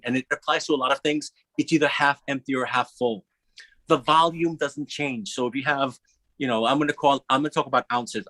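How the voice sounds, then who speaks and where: A man speaking on a panel in a casual, animated, profane way, acting out little quoted voices. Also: medium pitch, no room sound.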